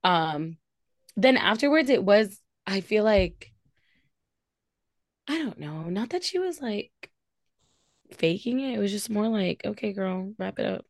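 A woman's voice: mid-range voice, sing-song, slow pace, long pauses, no echo, clean studio sound. A young woman co-hosting a casual reality TV recap, sassy and opinionated, laughing often. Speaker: podcast co-host.

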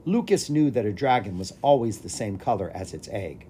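A reader narrating a children's fantasy storybook aloud with lively expression. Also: medium pitch, fairly quick, slight background noise. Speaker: audiobook reader.

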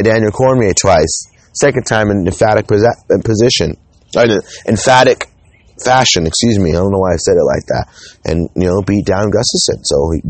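A man's voice: mid-range voice, a little mellow, dry recording. A man hosting a solo podcast, talking casually and rambling, with frequent restarts and the odd swear word. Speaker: podcast host.

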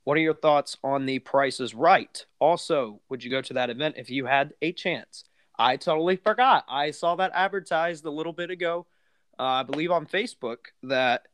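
A man's voice: mid-range voice, a bit bright, no room sound. A man hosting a podcast in casual chat, rambling with lots of fillers and restarts. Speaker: podcast host.

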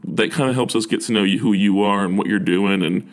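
A man's voice: on the low side, fairly quick. A young man working as a university admissions officer, giving earnest, encouraging advice in a casual talk, with frequent fillers and restarts.

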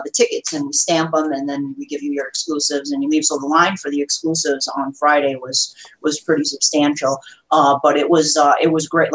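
A woman's voice: sits low, low-quality recording. A woman guest on a podcast, chatting casually with plenty of fillers and restarts. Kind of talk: casual chat.

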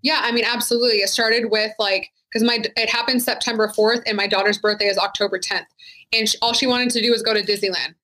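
A woman's voice: fairly high pitch, fairly even intonation, fast talker, pushed and bright, low-quality recording. A woman who is a retired sheriff's deputy, speaking frankly and casually as a guest in an interview, with many "like" fillers. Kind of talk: candid interview conversation.

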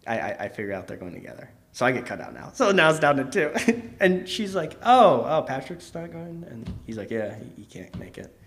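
A man's voice: mid-range voice, wildly swooping pitch, fairly quick, few pauses, fairly bright tone. A young man co-hosting a podcast, telling a long story in a casual, rambling way, full of fillers and laughs. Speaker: podcast co-host.

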